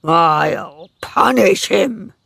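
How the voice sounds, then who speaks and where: Guy reading as a jealous heartbroken farmer, gravelly and slow, dry close sound. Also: sits high, no room sound. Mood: bitter. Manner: forceful, anguished. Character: wounded older male farmer, jealous and intense. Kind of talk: dramatic story reading.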